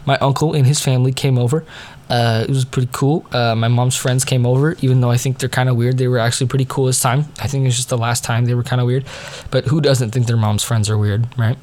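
A man's voice: medium pitch, level tone, fast talker, a little mellow. A teenage boy telling family stories in a casual, rambling monologue full of fillers and digressions. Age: teens. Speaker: diarist.

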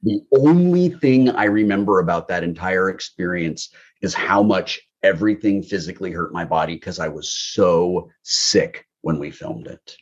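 A man, an actor being interviewed, telling candid stories in a casual, animated way. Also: sits low, moderate pace. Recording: muffled lo-fi audio.

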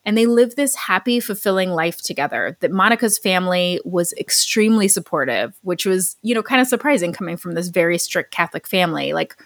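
A woman's voice: on the low side, lively intonation, brisk, hardly any pauses, no echo. A woman co-hosting a podcast, telling a true story in a chatty, casual way with lots of "like" fillers. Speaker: podcast co-host.

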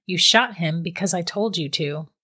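Casting: cool, teasing witch captor, read by a woman in a storybook; lowish, unhurried, quietly amused. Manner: calm, matter-of-fact and mocking. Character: cold, teasing middle-aged female witch captor. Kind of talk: storybook reading.

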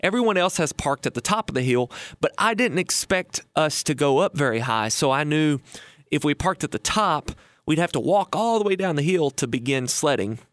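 A man's voice: fairly high pitch, lively intonation, normal speed, fairly bright tone, no room sound. A man in his thirties hosting a radio show on retirement, telling a story in a folksy, chatty way with fillers and restarts. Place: radio studio.

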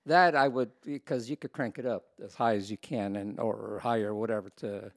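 A man's voice: lowish voice, moderate pace, no echo, studio quality. A man co-hosting a podcast in casual chat, often stammering and restarting his sentences. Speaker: podcast co-host.

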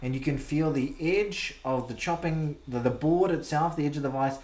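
A man's voice: on the high side, normal speed, darkish tone. A man co-hosting a podcast in casual chat, rambling and playful with crude stories. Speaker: podcast co-host. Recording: roomy echo.

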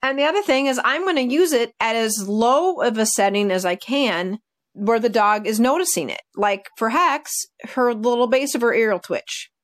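A woman dog trainer in casual podcast conversation, telling lively stories and acting out her dogs' reactions. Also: fairly high pitch, moderate pace.

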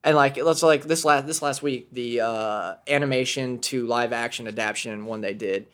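A man hosting a podcast, telling animated stories in casual chat, swearing freely and laughing along. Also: medium pitch, moderate pace. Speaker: podcast host.

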